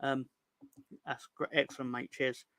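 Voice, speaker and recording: A man's voice: medium pitch, flat delivery, a little slow, gravelly, sharp tone, no room sound. A man hosting a football fan show in a casual livestream chat. He reads out viewer comments, jokes and rambles, stumbling over words. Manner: jokey and rambling, stumbles and restarts, puts on silly voices for comments.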